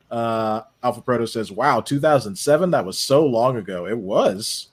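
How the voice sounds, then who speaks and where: A man's voice: medium pitch, lively intonation, a little slow. A man in his twenties hosting a casual watch party chat, reading viewer messages aloud and laughing often.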